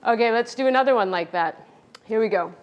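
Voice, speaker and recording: A woman teaching a children's music lesson, speaking clearly and playfully, often demonstrating with her own voice. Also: a little high, fairly quick, lo-fi sound. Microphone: pre-recorded video lesson.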